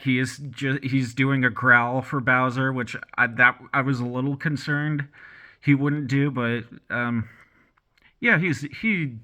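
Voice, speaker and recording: A man speaking in a bright, sharp, middle-pitched voice. He talks through a casual vlog with an awkward, rambling delivery, stopping and restarting his sentences. Now and then he drops a dry, self-deprecating joke. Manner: awkward, hesitant, many restarts. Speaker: vlogger.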